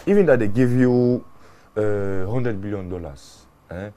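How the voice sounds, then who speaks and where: A man with a fairly low voice, recounting his mortuary work in an interview. He talks earnestly and with animation, circling back over words and restarting sentences as he goes. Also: a little slow, mellow. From Ghana. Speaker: mortuary worker. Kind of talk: interview storytelling.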